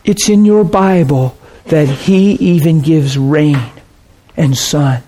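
Man, preacher, storytelling sermon, fairly high voice, animated, drops to hushed tones. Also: slow pace.

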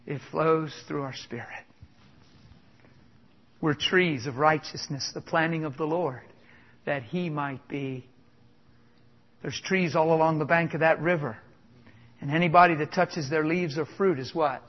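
A man's voice: a little high, measured pace, pauses often. A man preaching a sermon with exuberant, emphatic delivery, chuckling between points. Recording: dull lo-fi sound with long hall reverb.

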